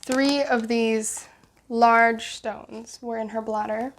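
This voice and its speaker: A woman's voice: on the high side, fairly even intonation, slow, slight background noise. A young woman vlogger telling a personal story in a casual, emotional, rambling way, full of restarts and acted-out dialogue.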